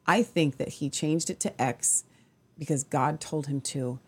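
A woman's voice: low-pitched, unhurried, darkish tone, husky. A woman co-hosting a casual news talk show, making wry joking asides. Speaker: co-host.

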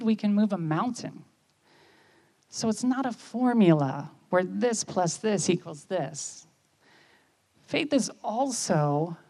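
A woman, giving a conversational sermon and often checking in with listeners with quick questions. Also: medium pitch, darkish tone. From United States. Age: 50s. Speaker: speaker at church.

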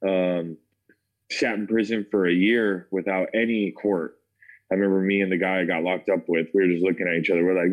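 Man, American accent, very low voice, casual testimony storytelling, lots of fillers. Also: fairly even intonation, fairly quick, highs cut off. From United States. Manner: casual, filler-heavy, says "like" and "man" often. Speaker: interview guest.

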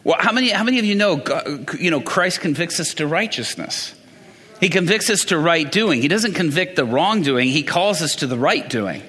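A man's voice: fairly high pitch, expressive, moderate pace, fairly bright tone, husky, big-room sound. A man preaching a conversational sermon, quizzing the congregation as he works through Bible passages.

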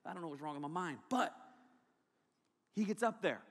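A male pastor preaching a sermon to a congregation in a large hall, joking and animated, breaking into shouts. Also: on the high side, normal speed. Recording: long hall reverb.

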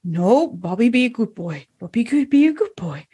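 A woman's voice: a little high, very animated, moderate pace, mellow, slightly rough, heavily acted. A woman voicing a nervous, timid farmer's son in a tabletop role-play, stuttering and muttering to himself. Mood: anxious. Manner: stuttering, anxious, mumbling to himself.

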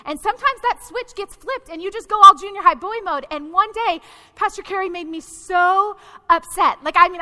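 A woman's voice: very high voice, animated, normal speed, pushed and bright. A woman pastor preaching a sermon to her congregation in a direct, conversational way. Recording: long hall reverb.

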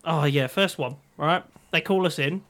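Norfolk bloke on a podcast, high bright voice, cracking jokes and swearing. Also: male voice, moderate pace. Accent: English, Norfolk. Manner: jokey, swears a lot, laughs often. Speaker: podcast co-host. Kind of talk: casual banter.

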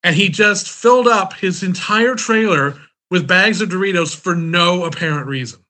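A man with a high, bright voice tells a long anecdote in relaxed chat. He animates his story and acts out the dialogue of the people in it. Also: normal speed. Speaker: podcast guest storyteller. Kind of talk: casual anecdote telling.

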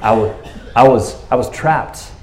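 An earnest, heartfelt apostle pleads before a king, as a preacher puts him on in a sermon. He speaks plainly, at a man's medium pitch. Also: a little slow, close to an everyday voice. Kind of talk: retelling scripture in a sermon.

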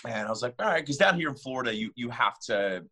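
A man as a podcast guest, relaxed and chatty, often saying "man" and "bro". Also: medium pitch, fast, husky. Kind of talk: casual interview.

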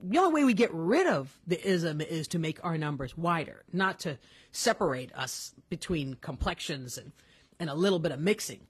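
Husky, animated woman podcast host. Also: low-pitched, moderate pace. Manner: animated, emphatic storytelling with many restarts. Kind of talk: casual conversational podcast chat. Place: Los Angeles.

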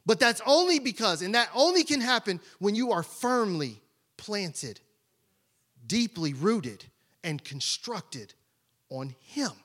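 Animated, slow-preaching male pastor. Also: sits high. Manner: rhetorical questions to the congregation, dramatic drops to a hush. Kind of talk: sermon.

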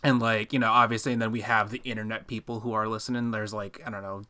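Bright-voiced man laughing through casual chat. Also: lowish voice, quick pace, smooth. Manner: laughs often, animated storytelling with quoted asides. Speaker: podcast co-host.

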